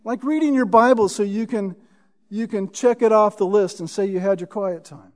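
High-voiced man preaching a sermon. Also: normal speed, a little mellow. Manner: emphatic, repeats words when building a point. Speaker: pastor.

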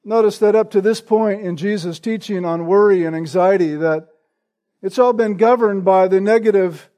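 A man preaching an expository sermon, earnest and deliberate, who often checks in with a rhetorical "right?" and repeats words for emphasis. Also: high voice, mellow. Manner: earnest, rhetorical, frequent "right?" tag questions; slow and deliberate with emphatic repetition. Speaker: pastor.

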